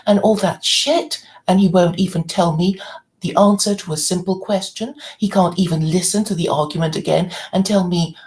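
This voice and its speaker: A woman's voice: lowish voice, animated, normal speed, a little mellow, poor audio. A woman hosting her own channel, delivering an angry, indignant monologue full of swearing. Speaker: channel host. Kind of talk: ranting monologue to camera.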